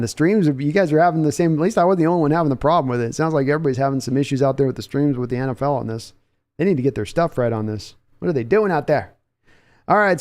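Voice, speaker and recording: A man's voice: fairly high pitch, darkish tone. A man hosting a live sports podcast, calling play-by-play in a chatty manner and answering viewer comments. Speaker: podcast host.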